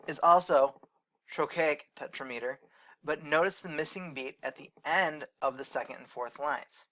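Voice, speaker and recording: A man teaching a recorded lecture, explaining in a measured way and correcting his own slips as he goes. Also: on the high side, animated, pushed and bright, dull audio.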